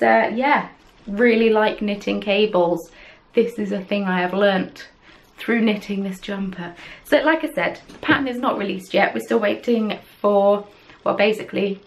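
A woman hosts her podcast in a loose, rambling chat, poking fun at herself as she goes. Her mid-pitched voice carries a gravelly fry. She sounds recorded at home on a camera. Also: poor audio. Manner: chatty, rambling, self-deprecating. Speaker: podcast host. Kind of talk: casual chat.

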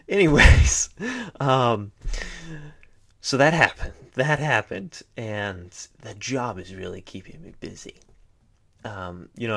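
Rambling young man, low voice. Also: gravelly, fairly bright tone. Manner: chatty, self-mocking, trails off into mutters. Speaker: vlogger. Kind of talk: unscripted rambling vlog.

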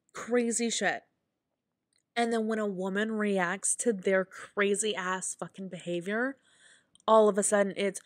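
A woman's voice: medium pitch, fairly bright tone, dry recording, studio quality. A young adult woman hosting her own podcast, ranting casually with lots of swearing, fillers and emphatic asides. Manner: heated, profane, emphatic. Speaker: podcast host. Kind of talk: casual solo podcast rant.

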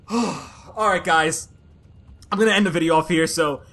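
A woman giving casual commentary over a platformer, talking to herself in frustration and bursting into loud complaints. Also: sits low, measured pace. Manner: exasperated, frustrated self-talk that bursts into loud outbursts. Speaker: let's play gamer.

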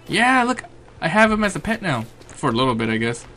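A man narrating his own game run in a chatty, think-aloud way, breaking into excited yelps and curses at enemies. His voice swings widely in pitch. Game music runs clearly underneath. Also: fairly quick. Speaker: gaming commentator. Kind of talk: let's play commentary.

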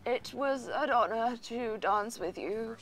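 A woman with a British accent voicing a gentle, courtly old man in slow, formal speech. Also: on the high side, crowd noise. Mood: tender.

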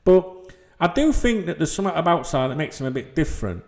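A man's voice: on the high side, very animated, quick pace, darkish tone. A middle-aged man, ranting bluntly and swearing freely about football in a vlog to his subscribers. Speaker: football channel vlogger. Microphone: desk microphone.

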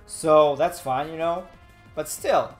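A man's voice: fairly high pitch, slow pace, faint music behind. A young man chatting casually on a live stream, rambling and laid-back, still a little nasal from a cold. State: slightly nasal from a fading cold.

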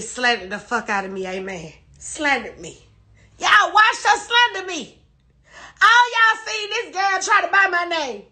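On a phone livestream, a woman cries as she rants defensively and with profanity, repeating herself again and again. Her voice is extremely high-pitched, bright, and forceful.

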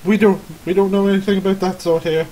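A man's voice: high voice, little pitch movement, fast, dark tone, pitched above the performer's own voice. A man voicing a nervous, frightened male villager who stammers and pleads.

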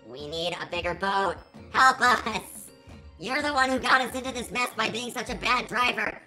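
A woman narrating her own game play in a bright, high voice, swinging between panicky shrieks and pleading. She plays up every scare for her viewers. Faint game music runs behind her. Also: brisk, rough recording. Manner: dramatic, panicky yelling and pleading. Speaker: gaming channel host. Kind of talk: let's play commentary.

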